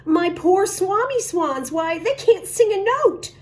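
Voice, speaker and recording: A woman's voice: lively intonation, slow pace, darkish tone, full character voice. A woman reading aloud, voicing a grumpy little male forest guardian who scolds indignantly. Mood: scolding. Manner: scolding, indignant, raised pitch.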